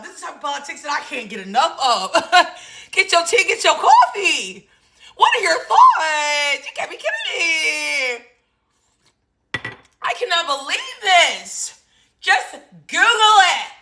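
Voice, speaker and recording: A woman in her thirties hosts her own talk show with a very high, bright voice. She talks in an animated, sassy way, laughing and exclaiming often as she gives casual political commentary. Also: a little hiss or hum. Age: 30s. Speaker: host.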